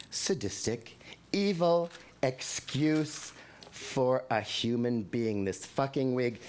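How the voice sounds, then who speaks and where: A man in his sixties from Canada performing wry, profane poetry on a live venue stage into a handheld microphone. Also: fairly high pitch. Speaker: poet.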